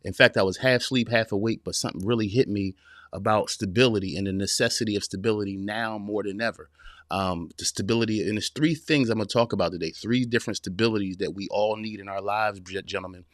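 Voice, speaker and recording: A man's voice: on the low side, steady tone, fast, no room sound, studio quality. A man in his forties hosting a live-streamed motivational podcast, talking straight to his listeners in a casual, preachy way, repeating his points and calling them y'all and man. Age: 40s. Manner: preachy, direct address with repetition. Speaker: podcast host.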